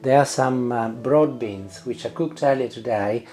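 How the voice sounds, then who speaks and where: A man's voice: mid-range voice, measured pace, a little mellow. A man hosting his cooking channel, chatting casually to camera with lots of "uh" fillers while he cooks and tastes in a home kitchen.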